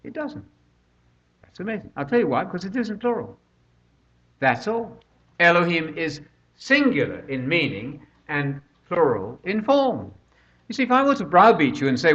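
A man's voice: fairly high pitch, sing-song, normal speed, a bit bright. An older man preaching a conversational sermon, full of rhetorical questions, recorded on a dull lo-fi track.

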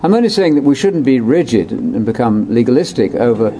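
A man leading a conversational Bible discussion, explaining in an animated way that jumps between high and low pitch. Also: fairly quick, slight background noise. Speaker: Bible teacher.

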